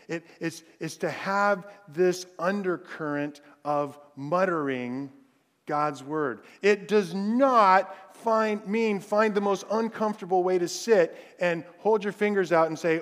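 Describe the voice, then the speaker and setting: A man, a pastor, preaching a sermon in a conversational way and softening his voice to recite scripture. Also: high-pitched, slow. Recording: long hall reverb.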